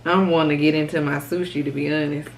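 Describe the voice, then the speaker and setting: A woman hosting an eating video, chatting casually and warmly about her food while she eats. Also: low voice, steady tone, quick pace, a little hiss or hum, low-quality recording. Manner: chatty, talks through meals. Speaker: mukbang host.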